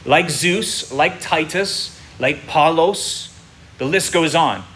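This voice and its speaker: A man with a bright, forceful voice and a slightly high pitch teaches a congregation in a sermon. He explains step by step and often checks that his listeners are following. Faint room ambience sits behind him. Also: takes it slowly, a little hiss or hum.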